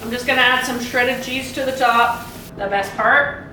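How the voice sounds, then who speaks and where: Canadian woman rambling thru a cooking vlog, kinda high voice, super echoey kitchen, stuff frying in the back. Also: normal speed. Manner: chatty, rambling asides while cooking. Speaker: home cooking vlogger. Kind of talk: casual cooking vlog chat. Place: home kitchen. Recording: very echoey kitchen, mic far off, frying noise. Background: food sizzling on a grill pan.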